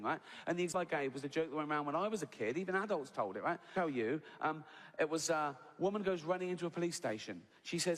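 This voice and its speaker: A man's voice: on the high side, expressive, fast, fairly bright tone, long reverb tail. An English man doing a stand-up comedy routine, chatty and checking in with the crowd with "right?". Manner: chatty, tags lines with "right?". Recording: live stage recording with audience noise.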